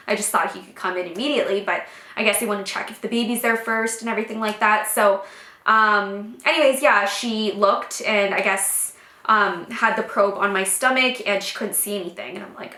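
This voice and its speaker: A young pregnant woman vlogging a casual story, emotional and pausing often for deep breaths. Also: pushed and bright. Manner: emotional, breathy pauses, many fillers. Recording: echoey room.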